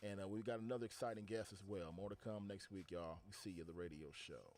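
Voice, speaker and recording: A man hosting an online radio talk show, relaxed and chatty, often repeating words as he thinks. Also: deep voice, fast. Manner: laid-back, repeats words while thinking. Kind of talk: casual talk show chat.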